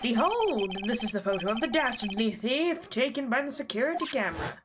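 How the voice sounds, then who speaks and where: A man's voice: very high voice, sing-song, brisk, background noise, pitched above the performer's own voice. A woman reading the lines of a pompous male company boss in a game, in a formal, self-assured manner.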